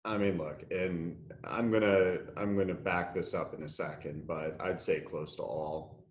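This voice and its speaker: A man's voice: sits low, fairly even intonation, unhurried, reverberant, a little hiss or hum. A man telling his story as an interview guest, blunt and profane, laughing through the funny parts. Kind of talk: candid conversational storytelling.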